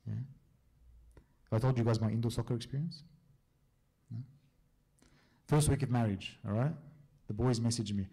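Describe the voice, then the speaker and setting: A man's voice: mid-range voice, steady tone, vocal fry, mellow. A man, a priest, answering questions from a church group in a casual, chatty way, telling stories and often checking in with his listeners. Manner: chatty storyteller, often checks in with a quick "yeah?".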